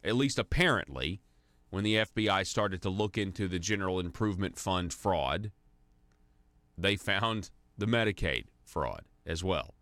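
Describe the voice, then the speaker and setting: A man's voice: sits low, expressive, measured pace, fairly bright tone, no room sound. A man hosting a political talk radio show, giving opinionated commentary with frequent restarts. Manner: opinionated, with many restarts and fillers.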